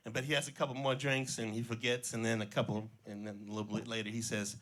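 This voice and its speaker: A middle-aged man from the Cincinnati area doing his first stand-up set, telling joke stories in a relaxed way with small slips and restarts. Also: mid-range voice, fast talker, hardly any pauses. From Cincinnati area, Ohio. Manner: relaxed storytelling, slips and restarts, voices jokes' characters lightly. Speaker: stand-up comedian, schoolteacher. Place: small club stage before a live audience.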